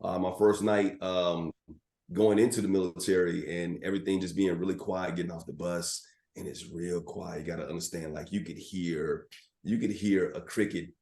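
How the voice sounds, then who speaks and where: A middle-aged man, a sports broadcaster guesting on a podcast, telling animated anecdotes with plenty of filler words. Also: low voice, moderate pace. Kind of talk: storytelling in a podcast interview. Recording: roomy echo.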